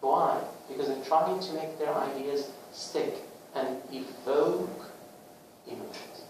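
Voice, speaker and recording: A man presenting a book to a small group in a casual talk, with lively rhetorical questions and acted-out little scenes. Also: fairly high pitch, slow pace. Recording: echoey room, far from the mic, faint noise.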